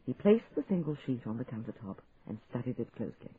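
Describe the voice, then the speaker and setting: A man reading an audiobook aloud in a lively, expressive narrating style. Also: medium pitch, quick pace, slightly rough. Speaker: audiobook reader. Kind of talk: scripted narration. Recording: tinny phone-like sound, faint hiss.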